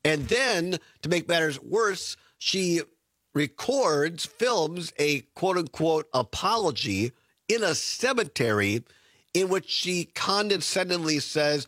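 Man from Wisconsin, radio host, chatty with fillers, slightly high voice, dry studio sound. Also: sing-song, slow, fairly bright tone, dry recording. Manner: chatty, laughs between phrases, many fillers. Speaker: radio talk show host. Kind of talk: casual political talk radio.

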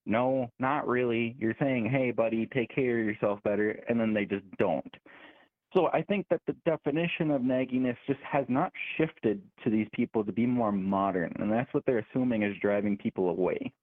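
A man calling in to a talk radio show, earnest and self-deprecating, with halting restarts. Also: medium pitch, no room sound. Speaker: caller. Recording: phone line.

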